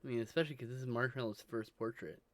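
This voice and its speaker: Over crowd noise, a livestream co-host talks rapid-fire in a medium pitch while drawing. His chat is loose and rambling, full of swearing and sentences left unfinished.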